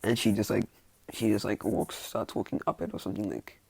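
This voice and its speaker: Young guy, low gravelly voice, a bit husky, dry close mic; rambling fan storyteller. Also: steady tone, a little fast, darkish tone, no room sound. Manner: rambling, full of "like", self-mocking. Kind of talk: casual fan-fiction storytelling.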